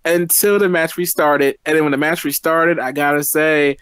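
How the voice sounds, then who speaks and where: A man's voice: a little high, moderate pace, smooth, no echo. Chatty man with a dry close voice. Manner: chatty, repeats words when excited. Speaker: co-host. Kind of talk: casual wrestling review chat.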